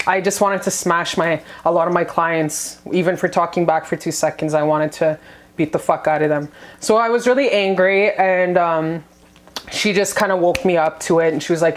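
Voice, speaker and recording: A young adult woman talking candidly to her viewers in a confessional vlog, blunt and swearing freely. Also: lowish voice. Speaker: vlogger.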